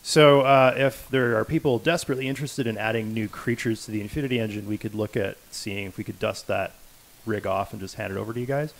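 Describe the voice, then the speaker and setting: A man's voice: lowish voice, fast talker, gravelly. Laid-back man explaining things on a livestream. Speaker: developer co-host of a livestream. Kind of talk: casual livestream chat.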